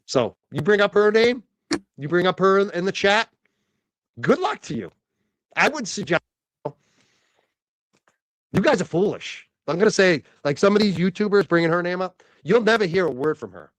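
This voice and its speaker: A man speaking in a casual online video with a fairly high, lively voice that rises and falls a lot. He delivers ominous warnings in a matter-of-fact way. The sound is dry and close. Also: moderate pace, long pauses, no echo.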